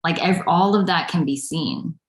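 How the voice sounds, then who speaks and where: A woman hosting a spiritual meeting, speaking in a gentle, reflective way over a video call. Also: lowish voice, moderate pace. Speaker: non-duality teacher, host. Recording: roomy echo.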